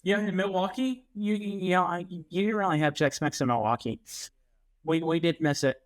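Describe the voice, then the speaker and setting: A man's voice: sits high, moderate pace. A man co-hosting a podcast, joking in casual chat. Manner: playful, joking. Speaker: podcast co-host.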